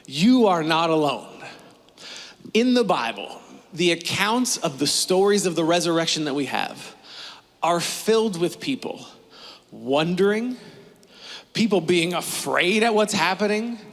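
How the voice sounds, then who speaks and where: Chatty high-voiced pastor. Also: male voice, expressive, measured pace, long pauses. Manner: chatty, storytelling with playful voices. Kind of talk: casual sermon. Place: church. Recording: long reverb of a church hall.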